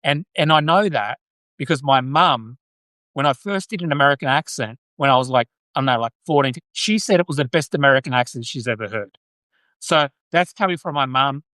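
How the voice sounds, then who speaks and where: A man's voice: medium pitch, animated, brisk, bright, forceful tone, dry recording. An Australian man hosting a casual live stream, chatty and joking, with many restarts. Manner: joking, chatty, many restarts, reads viewer comments aloud. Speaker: podcast host.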